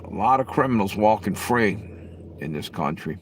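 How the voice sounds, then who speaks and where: A man's voice: fairly low pitch, lively intonation, moderate pace. A middle-aged man live-streaming, chatting casually with viewers in a blunt, profane, rambling way. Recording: faint background noise.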